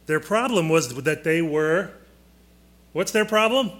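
Man, fairly high voice, leading a Bible class; slow, emphatic, quizzes the room. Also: a bit bright. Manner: deliberate, emphatic, quizzes listeners. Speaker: Bible teacher.

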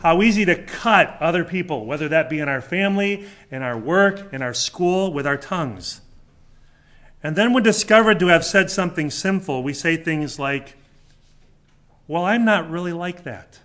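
A man's voice: a little high, expressive, normal speed, a bit bright. Man preaching with emphatic rhetorical questions. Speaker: pastor. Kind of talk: sermon.

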